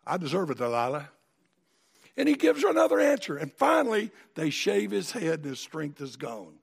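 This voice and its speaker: A man preaching a sermon in a folksy, animated storytelling manner. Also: sits high, fairly quick, vocal fry, slightly rough. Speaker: pastor.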